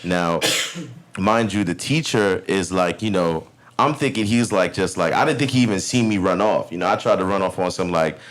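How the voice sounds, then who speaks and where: Low-voiced New York man telling a story. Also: moderate pace, slight background noise. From Brooklyn, New York. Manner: loose and profane, full of slang and fillers. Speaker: podcast host. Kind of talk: casual storytelling.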